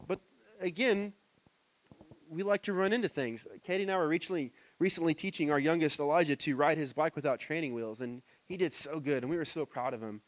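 A man in his thirties, a pastor, preaching a sermon in a church, conversational and personal, dropping to soft asides and rising to loud emphatic stretches. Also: a little high, a little fast, dry recording.

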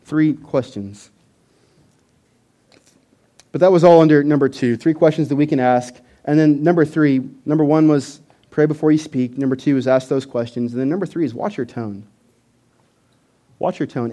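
A man preaching a sermon as pastor, animated and emphatic, building at times to near-shouting. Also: mid-range voice, moderate pace.

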